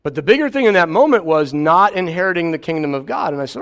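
High-voiced man preaching a sermon. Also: expressive, quick pace. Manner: conversational preaching with sudden quiet asides. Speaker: pastor.

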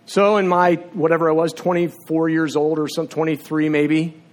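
A man preaching a sermon in a church, telling a personal story from his teaching years in a conversational way and then praying quietly over the congregation. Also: flat delivery, moderate pace. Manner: conversational storyteller, drops to a low hushed voice in prayer. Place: church sanctuary with seats. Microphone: filmed on camera while preaching.

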